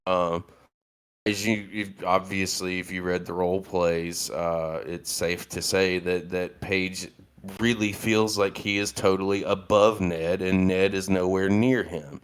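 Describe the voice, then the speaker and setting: Deep, smooth-voiced man explaining bluntly. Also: fairly even intonation, a little slow. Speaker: guest writer. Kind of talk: casual podcast chat.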